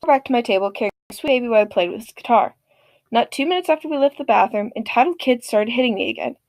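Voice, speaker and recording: Lively high-voiced woman telling a story. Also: quick pace, no echo. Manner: lively, expressive, sarcastic. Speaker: story narrator. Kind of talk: storytelling narration of online stories.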